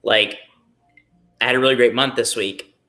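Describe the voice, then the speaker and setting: A man's voice: medium pitch, steady tone, normal speed, bright, forceful tone. A man on a training call who banters in a teasing, self-mocking way. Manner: teasing and self-mocking, joking then taking it back. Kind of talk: casual group banter.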